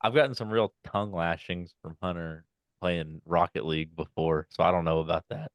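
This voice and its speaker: A young man co-hosting a casual podcast, telling animated stories and acting out quotes in high loud voices. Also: fairly quick, no echo, lo-fi sound. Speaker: podcast co-host. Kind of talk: casual chat.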